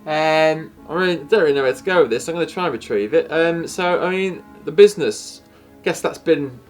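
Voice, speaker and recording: A man hosts a comedy sketch interview, putting questions in a dry, deadpan and slightly awkward manner. His voice sits a little high, and soft guitar music plays faintly behind him. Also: a little fast.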